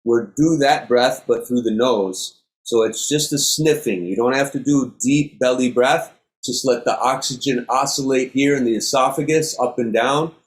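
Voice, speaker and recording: A middle-aged man, a yoga instructor, calmly leading a class through breathing exercises with step-by-step cues. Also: medium pitch, moderate pace.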